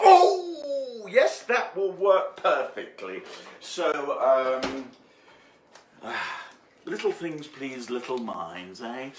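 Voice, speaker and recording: A man's voice: medium pitch, fairly bright tone, slight background noise. Chatty man in an echoey kitchen. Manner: rambling and jokey, with many fillers. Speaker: home baker. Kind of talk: chatty cooking demonstration. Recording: echoey room.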